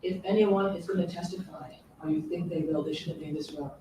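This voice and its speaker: Woman, commissioner, formal procedure, measured and firm, faint background hum. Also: fairly low pitch, steady tone, warm tone, poor audio. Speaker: commissioner presiding over a hearing.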